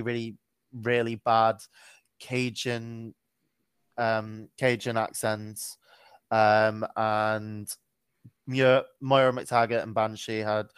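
A man's voice: medium pitch, fairly bright tone, smooth, dry recording. A man co-hosting a podcast, chatting casually, swearing freely and often correcting himself with lots of ums. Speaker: podcast co-host. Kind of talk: casual chat.

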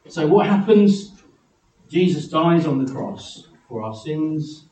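Animated preacher in an echoey hall. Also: male voice, slow pace, far from the mic. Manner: animated, acts out biblical figures in high excited voices. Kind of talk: sermon.

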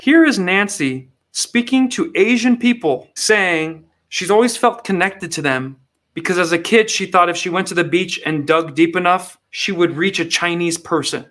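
A man's voice: high voice, animated, moderate pace, a bit bright. A man hosting satirical political commentary in a mocking, sarcastic way. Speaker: comedy host.

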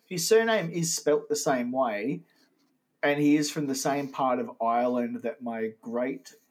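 A man from Australia co-hosting a comedy podcast, playful and teasing, quick to laugh. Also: mid-range voice, poor audio. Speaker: podcast co-host. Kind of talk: casual comedy chat.

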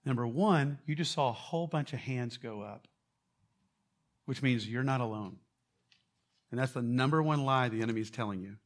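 A man giving a casual, quick-talking sermon as pastor, joking with and quizzing a live church audience. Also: medium pitch.

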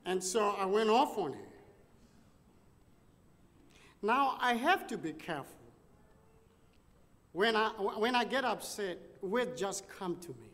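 A Texan man preaches from the pulpit, telling a story and voicing everyone in it. His voice sits high and swings widely in pitch. The sound carries the long reverb of a large hall. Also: takes it slowly, long pauses. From United States. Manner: animated, acts out both sides of the story. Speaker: pastor. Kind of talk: sermon storytelling.

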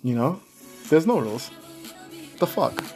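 A man's voice: mid-range voice, sing-song, unhurried, vocal fry, darkish tone, soft background music. A young man hosting his own podcast, chatting casually, rambling off script, swearing and laughing often. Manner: laughs a lot, rambling and profane. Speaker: podcast host. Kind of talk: casual solo podcast chat.

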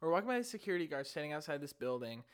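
A man's voice: fairly high pitch, very fast, clear, resonant tone. A young man from St. Louis telling a story on a casual podcast, acting out the people he met. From St. Louis, Missouri. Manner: animated, acts out voices in his stories. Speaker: podcast co-host.

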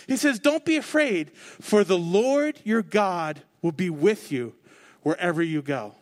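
A man's voice: high-pitched, animated, a little slow. A man in his thirties, a pastor giving a conversational sermon, joking at himself and acting out quoted lines. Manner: conversational, self-mocking, acts out quoted voices.

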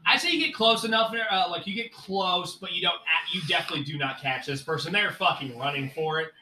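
A man's voice: sits high, fast, bright, forceful tone, reverberant, recorded from a distance, slight background noise. A man narrating a tabletop game as game master, in a casual, swearing manner full of fillers.

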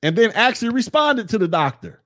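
A man's voice: sits high, very animated, a little fast, a bit bright. A man in his forties hosting a podcast, ranting bluntly with mocking, profane talk. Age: 40s. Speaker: podcast host. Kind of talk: casual rant.

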